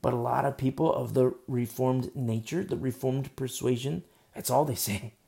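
A man preaching a sermon in an emphatic, conversational way, swinging from loud bursts to hushed asides. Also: medium pitch, steady tone, moderate pace, creaky.

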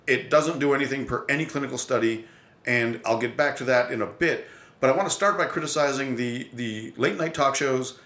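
Male podcast host, mid-pitched, blunt and exasperated, swears freely, roomy echo. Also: fairly quick, fairly bright tone. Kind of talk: opinionated solo commentary.

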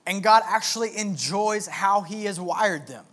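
Young male pastor with a high voice; conversational, earnest sermon delivery. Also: unhurried, fairly bright tone. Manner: conversational, earnest, with filler words.

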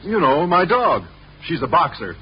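A man's voice: a little high, big pitch swings, moderate pace. An actor playing a shy, earnest male biology teacher in a 1950s radio sitcom, bashful and a bit stammering. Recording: dull old radio recording with hiss.

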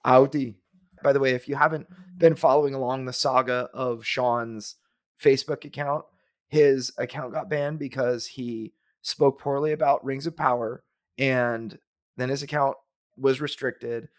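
A man's voice: medium pitch, fairly even intonation, a little slow. A man co-hosting a podcast in casual chat, rambling a little with restarts and fillers. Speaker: podcast co-host.

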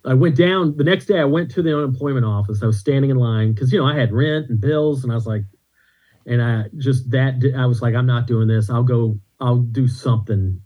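A man's voice: mid-range voice, a little fast, dull audio. A man, a comedian on a podcast, telling rambling stories in a casual chat with restarts. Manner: rambling anecdotes with restarts and laughs.

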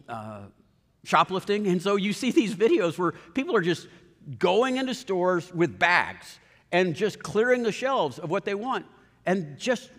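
A man preaching a sermon as pastor, earnest and animated, telling stories with quoted voices. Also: on the high side. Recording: long hall reverb.

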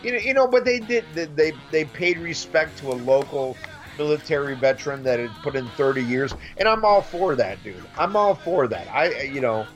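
A middle-aged man in casual chat, animated and swearing freely, often mimicking others. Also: on the high side, normal speed, soft background music.

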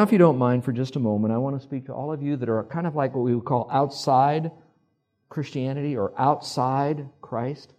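A man's voice: medium pitch, dark tone, husky. A man preaching a sermon in a conversational way, asking his listeners to repeat words back and checking that they follow. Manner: conversational preaching with audience call-and-response. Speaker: pastor.

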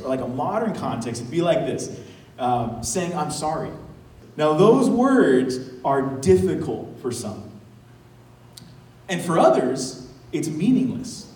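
A man preaching as pastor in a conversational, animated way, with casual asides and laughter. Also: fairly high pitch, reverberant, far from the mic, rough recording. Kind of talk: sermon. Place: church sanctuary.

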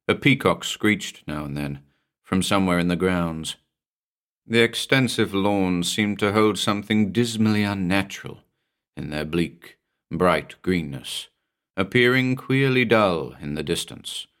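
A male podcast host narrating a horror short story in a measured, somber reading. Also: low-pitched, fairly bright tone.

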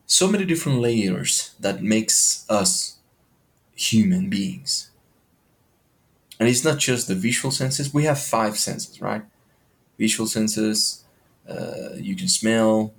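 A man with a low-pitched voice hosts a podcast in an animated, questioning way. His motivational monologue is peppered with casual swearing. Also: gravelly.

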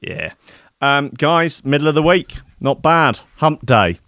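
A man's voice: on the high side, expressive, takes it slowly, bright, forceful tone, no echo, clean studio sound. A man hosting a show, chatting in a rambling, profane, joking way. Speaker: show host. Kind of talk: casual chat.

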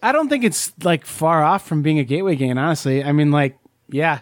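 A man's voice: on the high side, animated, brisk, no room sound. A man co-hosting a casual board game talk, rambling with lots of fillers and restarts. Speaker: podcast co-host. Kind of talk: casual chat.

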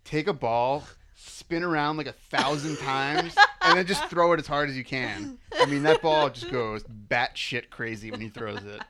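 A man's voice: mid-range voice, a crowd in the background. Playful, teasing man in his thirties. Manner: playful, teasing, quick jokes. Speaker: podcast co-host and interviewer. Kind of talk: casual chat.

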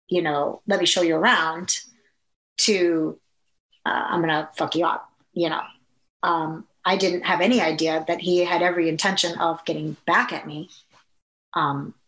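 A woman telling a personal story in a halting, conversational way, with many fillers and restarts. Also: lowish voice, a bit bright. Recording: echoey room.

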